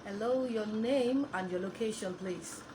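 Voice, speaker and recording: A woman hosting a radio phone-in show, brisk and polite as she takes callers and reads out the phone lines. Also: medium pitch, background noise. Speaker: radio talk show host. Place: radio studio.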